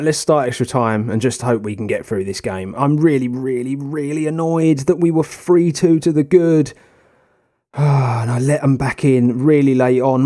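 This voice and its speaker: A young man commentating on his own football management game, swinging from tactical muttering to excited shouts. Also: mid-range voice. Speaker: gaming video host. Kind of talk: casual gameplay commentary.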